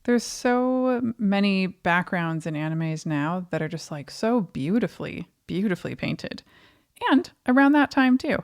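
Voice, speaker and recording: A woman's voice: medium pitch, animated, measured pace, a little mellow. A woman co-hosting a film review podcast, talking casually and thoughtfully with frequent fillers. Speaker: podcast co-host.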